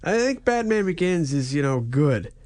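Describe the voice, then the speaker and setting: A man's voice: on the high side, sing-song, normal speed, a little mellow, dry recording. Dry-joking man co-hosting a review. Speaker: podcast co-host. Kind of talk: casual movie review chat.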